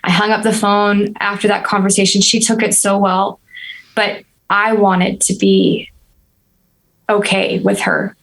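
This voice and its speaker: A woman in her thirties speaks as a podcast guest, recounting a personal ordeal with earnest, reflective candor. Her pitch sits in a middle register and stays fairly level, with little rise and fall. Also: unhurried, vocal fry, rough recording. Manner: earnest, reflective, steady and even-toned. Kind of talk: candid personal storytelling.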